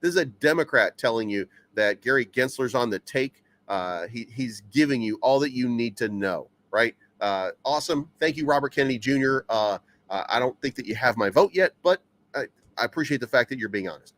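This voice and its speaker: A man at a middle pitch gives casual commentary on crypto headlines. He reads the articles out, then rambles in loose asides, stammering over repeated words and filling pauses with uh and um. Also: lively intonation, a bit bright. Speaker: crypto news channel host.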